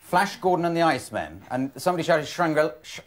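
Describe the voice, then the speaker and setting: A man's voice: on the high side, big pitch swings, fast talker. A man with a British accent hosting a comedy game show with dry, teasing wit in a TV studio. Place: TV studio with live audience. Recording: studio with audience laughter.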